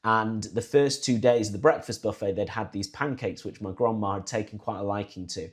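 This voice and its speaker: Guy on a podcast chatting, tells stories, does loud voices of his grandparents. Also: fairly low pitch, a little fast. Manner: animated storyteller, imitates relatives in raised voice. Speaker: podcast co-host. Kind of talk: casual chat.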